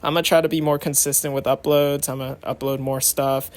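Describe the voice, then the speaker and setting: A man's voice: medium pitch, flat delivery, brisk. A young adult man giving casual vlog commentary, chatty and rambling with lots of fillers. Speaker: vlogger.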